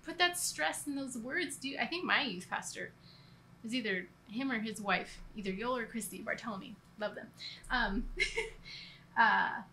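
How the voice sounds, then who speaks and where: Bright-voiced earnest woman teaching. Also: a little high, a little slow, slight background noise. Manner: earnest, rambling, laughs at herself. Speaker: church co-leader. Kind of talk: conversational church teaching.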